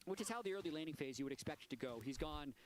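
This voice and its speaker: A man's voice: fairly high pitch, expressive, rapid-fire, a little hiss or hum. A man giving analytical color commentary on an esports match, explaining player decisions. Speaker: color caster.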